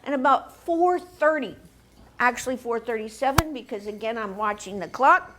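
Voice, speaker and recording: A woman from the United States tells a personal story to a live audience. Her voice sits high, and she is animated, slipping into the voices of the people in her tale and laughing along the way. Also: normal speed, background noise. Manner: animated, acts out quoted voices, laughs often. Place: stage before a live audience.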